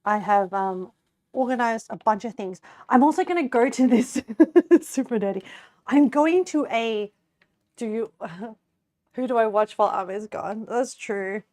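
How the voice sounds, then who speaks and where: A woman's voice: fairly high pitch, measured pace, darkish tone, no echo, studio quality. A young woman chatting casually with her live-stream viewers as she cooks, giggling often between chatty, rambling remarks. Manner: chatty, giggly, laughs often, many fillers. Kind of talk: casual live-stream chat while cooking.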